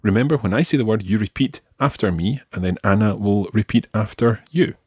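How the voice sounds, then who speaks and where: A man with a Scottish accent teaching a podcast language lesson and repeating words slowly for the learner. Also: on the low side, darkish tone, slightly rough, dry recording, clean studio sound. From Scotland.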